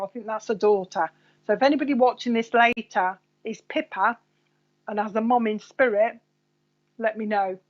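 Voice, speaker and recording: A woman medium runs a live reading for her online viewers, talking in a loose, rambling way and calling people by name. Her voice sits at an ordinary middle pitch. The stream audio is a little dull and lo-fi.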